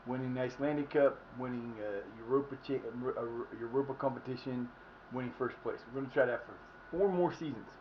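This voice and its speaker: A man chats casually through a live game stream, rambling and restarting his sentences as he thinks aloud. His pitch sits in the ordinary middle range. The audio is a little dull, with a faint hiss underneath. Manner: rambling, many restarts and fillers. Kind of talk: casual live gameplay commentary.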